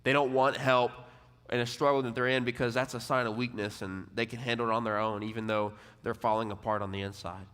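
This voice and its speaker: A young man from Texas, giving a casual, conversational sermon to a college ministry. He leans on lots of fillers and repeated words, and drops lower and quieter when quoting people. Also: fairly even intonation, brisk. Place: church or ministry hall. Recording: long hall reverb.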